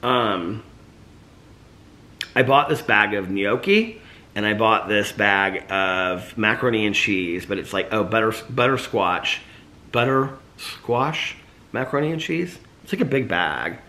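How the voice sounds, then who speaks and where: A man talks through his day in a loose, rambling vlog, full of fillers and restarts. His voice sits on the low side but sounds bright and forward. A slight lisp shows up now and then because his mouth is sore. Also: lively intonation, a little slow. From United States. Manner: rambling, chatty, filler-heavy. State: sore mouth after tooth removal. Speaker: vlogger. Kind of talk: casual daily vlog chat.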